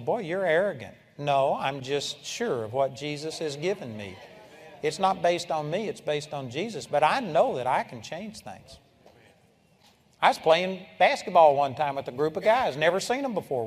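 An older man preaching a sermon, telling folksy personal stories and breaking into loud shouts when he acts out a scene. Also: on the high side. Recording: live sermon in a large reverberant hall.

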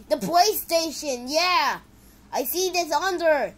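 Excitable woman reacting with lively outbursts. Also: high-pitched, slow, slight background noise, rough recording. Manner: excitable, exclaiming, swings from loud outbursts to mumbling. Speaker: video reaction creator. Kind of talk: casual reaction commentary.

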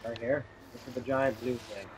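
A man's voice: medium pitch, steady tone, moderate pace, a little mellow, slight background noise, poor audio. Crude, joking young man gaming. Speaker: gaming co-host. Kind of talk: casual let's play banter.

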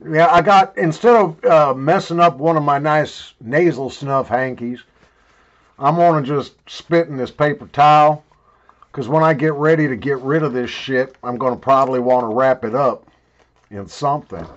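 A man's voice: mid-range voice, moderate pace, muffled recording. An older man rambling and joking crudely while he talks around a wad of chewing tobacco in a casual review video.

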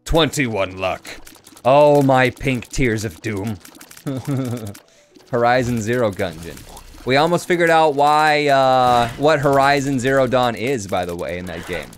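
A man commentates his game stream in a loose, chatty way. His pitch jumps around a lot as he reacts and answers his viewers. Faint music plays behind him. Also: slow. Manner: chatty, animated, reads and answers chat.

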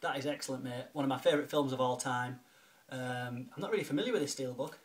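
Talking at a quick pace in a medium-pitched voice, a man thanks a friend in a casual home vlog. He's a video blogger and film collector, chatty and grateful, with lots of fillers and restarts.

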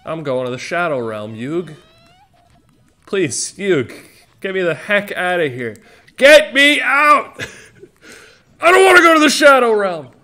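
A man's voice: high voice, big pitch swings, slow pace, long pauses, voice pushed up, exaggerated voice. A man doing a panicked, whiny Joey Wheeler. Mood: panicked pleading. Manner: pleading, shouting, laughing through it. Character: panicked young male card duelist, whiny.

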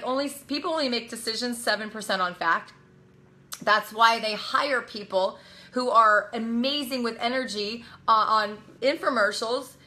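A woman network marketing coach giving a lively motivational talk, emphatic and energetic, acting out little quotes as she goes. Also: on the high side.

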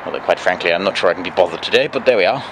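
A low-voiced truck driver talks rapid-fire to the camera for his vlog, standing by his truck outdoors at night and joking dryly at his own expense. Vehicle and traffic noise come through on the noisy outdoor camera audio.

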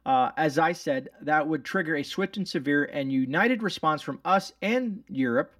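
A man with a somewhat high voice comments on the day's news and reads it aloud, rambling and sarcastic, often stopping and restarting his sentences. The sound is dry and close, but he sits a little back from the mic. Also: expressive, normal speed, a bit bright, no room sound, far from the mic. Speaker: channel host.

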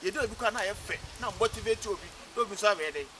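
A man with a Ghanaian accent pleading with supporters to campaign door to door, fast and insistent. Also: high-pitched, pushed and bright, a little hiss or hum. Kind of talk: rallying speech.

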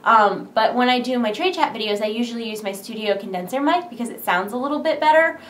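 A young woman vlogging casually from home, rambling with lots of "like", excited and nervous, recorded on her camera mic in a big empty room. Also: on the high side, fast, reverberant, a little hiss or hum. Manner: chatty, rambling, full of "like". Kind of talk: casual vlog chat. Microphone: camera's built-in mic.

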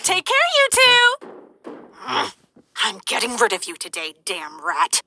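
Woman voicing a fed-up cartoon mom, high and bright, bounces all over. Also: wildly swooping pitch, measured pace, a little hiss or hum, full character voice. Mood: spiteful. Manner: impatient, sarcastic. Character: exasperated cartoon mother fighting a rat.

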